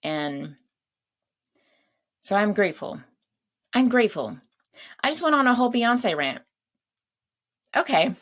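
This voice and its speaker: A woman's voice: mid-range voice, big pitch swings, a little slow, pauses often, a bit bright. A woman hosting her own show, chatting casually and laughing at her own asides. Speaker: podcast host. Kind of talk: casual solo chat.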